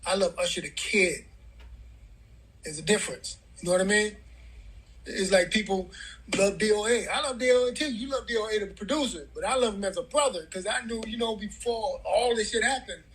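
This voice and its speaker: A man's voice: sits high, a little fast, fairly bright tone, poor audio. A middle-aged man telling a heartfelt story as a guest in an interview, in loose, casual talk full of "man" and "bro".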